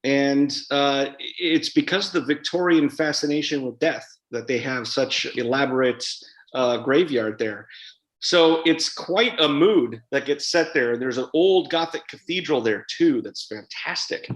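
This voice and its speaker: A man's voice: medium pitch, unhurried. A man, an author guest at a live event interview, talking in a chatty, rambling way with many fillers and restarts. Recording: roomy hall sound.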